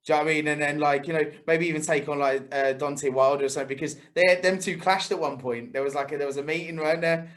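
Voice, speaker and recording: High-voiced chatty lad. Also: male voice, steady tone, fast, few pauses, fairly bright tone. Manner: chatty, laughs often, swears freely. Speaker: podcast co-host. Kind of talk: casual sports podcast chat.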